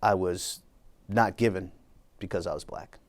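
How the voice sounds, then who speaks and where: A middle-aged man from Brooklyn, an executive guest, telling his story in a measured, reflective way. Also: low voice. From Brooklyn, New York. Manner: measured, reflective, acts out quoted dialogue. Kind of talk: conversational storytelling.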